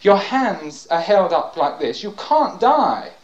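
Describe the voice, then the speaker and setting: Reading scripture and preaching, this older man sounds high, very animated, and slow, shifting from loud cries down to hushed tones and interjecting praise with fervor. The audio comes across as dull.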